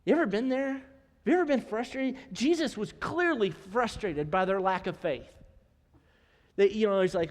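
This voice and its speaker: A male pastor with a high voice preaches a conversational sermon. He talks to the congregation casually and slips humorous asides between points. His words ring out with a long reverb through the church sanctuary. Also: normal speed.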